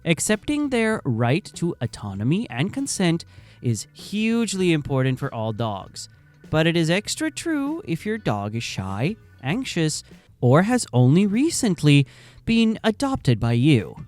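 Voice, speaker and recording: A man's voice: a little high, wildly swooping pitch, measured pace, a little mellow, soft background music. A man giving scripted narration for a video channel, with wry, conversational asides.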